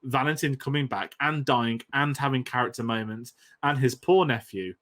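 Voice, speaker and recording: A man's voice: medium pitch, normal speed, a bit bright. A man co-hosting a casual film podcast, with a rambling, self-deprecating manner and frequent laughs. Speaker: podcast co-host.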